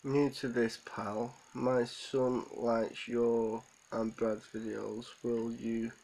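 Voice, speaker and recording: A man hosting a livestream, close to tears, rambles and answers viewers' comments in an emotional chat. His medium-pitched voice is level, slow, creaky, and a little mellow. The recording is rough.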